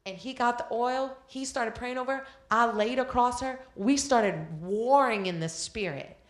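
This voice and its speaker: A woman's voice: a little high, a little slow. A middle-aged woman preaching a sermon, telling stories earnestly and reading scripture aloud. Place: event hall. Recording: echoey hall.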